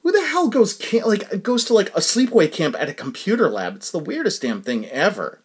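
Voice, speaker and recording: Animated man telling a rambling story. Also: sits high, brisk, breathy edge. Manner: rambling, self-deprecating, laughs often. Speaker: podcast host. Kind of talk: casual storytelling monologue.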